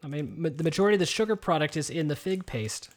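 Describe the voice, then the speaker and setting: Fast and animated, with a fairly high pitch, a man co-hosts a casual podcast from his kitchen. He talks through a headset mic with headphones, rambling and full of fillers and restarts.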